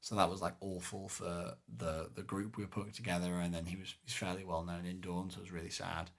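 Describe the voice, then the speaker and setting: Deep-voiced man rambling animatedly. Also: brisk, vocal fry. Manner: rambling, many fillers, animated retelling. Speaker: podcast co-host. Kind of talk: casual chat recapping a live-action game event.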